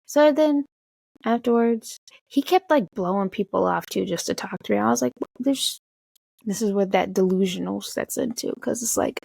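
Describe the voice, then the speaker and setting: A young woman casually telling an excited, swear-filled story, jumping high in pitch when she quotes herself. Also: creaky, no room sound. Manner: excited, swearing, talks fast with big pitch jumps when quoting. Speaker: vlogger.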